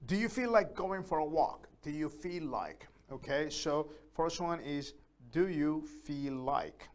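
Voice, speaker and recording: A man teaching a beginners' English lesson, speaking slowly and deliberately, repeating key phrases with many pauses and fillers. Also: a little high, expressive. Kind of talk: live online English lesson.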